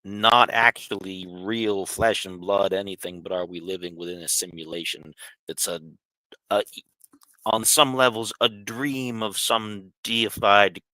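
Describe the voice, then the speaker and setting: Chatty man, bright crisp voice. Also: fairly low pitch, steady tone, unhurried, no echo. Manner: chatty, talks to his cat and reads chat questions. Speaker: live stream host. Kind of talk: casual live stream chat. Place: home, on a couch.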